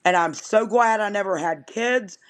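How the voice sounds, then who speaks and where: A woman's voice: mid-range voice, moderate pace. A woman guest on a live stream, ranting in an angry, exasperated, vehement way. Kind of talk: impassioned ranting.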